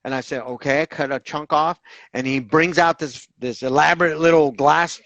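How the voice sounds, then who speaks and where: A man telling his own recovery story in an interview, animated and candid, acting out the voices of others and swearing casually. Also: fairly high pitch, normal speed, no echo, low-quality recording. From Southern California.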